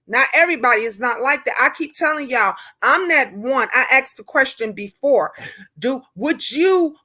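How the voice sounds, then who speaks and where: A woman's voice: sits high, animated, normal speed, sharp tone. A woman hosting a live stream, ranting in a fiery, preachy way and repeating rhetorical questions to her viewers. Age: older.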